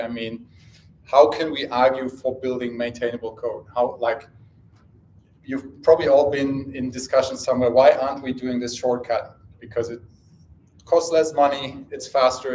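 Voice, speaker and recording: A man speaks at an even middle pitch from a stage in an echoey hall. He talks casually, restarting sentences and dropping fillers as he goes. A faint hum of room ambience sits behind him. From Germany. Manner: casual, self-correcting, frequent fillers and restarts. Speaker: conference speaker. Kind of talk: live tech talk. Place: conference room.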